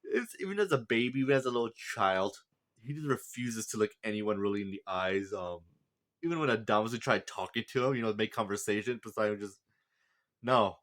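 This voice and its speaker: A man's voice: on the low side, fast, fairly bright tone. Rambling man recapping an anime. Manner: rambling, heavy on fillers and restarts. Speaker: anime reviewer. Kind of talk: casual plot recap and character review.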